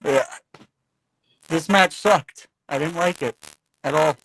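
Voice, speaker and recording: A man's voice: on the high side, takes it slowly, a bit bright, slightly rough, dry recording. A man in casual podcast chat, joking and swearing, coming through a phone call app that makes him sound distorted and robotic. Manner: joking, profane. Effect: garbled robotic call audio. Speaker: podcast co-host. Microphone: phone over a call app, distorted.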